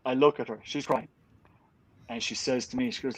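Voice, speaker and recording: A middle-aged Irish man telling a lively story in a casual chat. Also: mid-range voice, normal speed, long pauses, no echo, dull audio. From Ireland. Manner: animated anecdote-telling with laughs.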